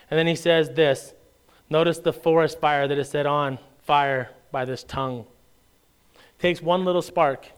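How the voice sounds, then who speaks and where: A man with a fairly high pitch preaches as a pastor, joking and chatting lively with frequent rhetorical questions. He reads passages of scripture in a measured way.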